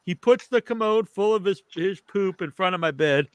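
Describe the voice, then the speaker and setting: A man co-hosting a podcast who tells a rambling, animated story in a casual chat. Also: high voice, moderate pace, dry recording. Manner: animated, rambling, restarts often. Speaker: podcast co-host.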